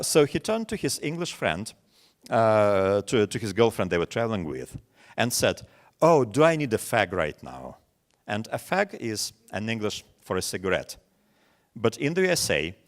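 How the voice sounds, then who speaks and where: Russian-accented guy in his 40s, low voice but really animated, teacher-trainer webinar talk with lots of little stories. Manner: storytelling with many examples, animated quoting. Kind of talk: webinar lecture.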